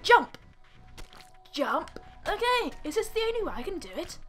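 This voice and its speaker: High, lively woman gaming. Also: a little fast, faint music behind. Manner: exasperated, scolds the game character, laughs often. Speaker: gamer. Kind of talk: let's play commentary.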